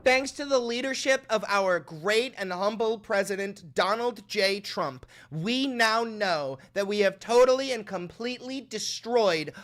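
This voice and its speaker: A man's voice: high voice, lively intonation, measured pace, few pauses, fairly bright tone, voice pushed up. A man mimicking a pompous woman press spokesperson, in a stiff, official way.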